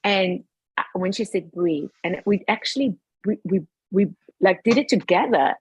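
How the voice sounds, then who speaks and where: A woman telling a personal family story in casual chat, animated and acting out the quoted dialogue. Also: mid-range voice, normal speed, breathy edge, no room sound, low-quality recording.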